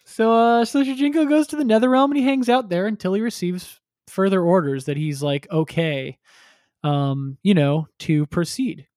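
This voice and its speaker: A man's voice: high-pitched, normal speed, darkish tone, no room sound, studio quality. A man chatting casually on a podcast, retelling a story and acting out characters with crude humor. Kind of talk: casual chat.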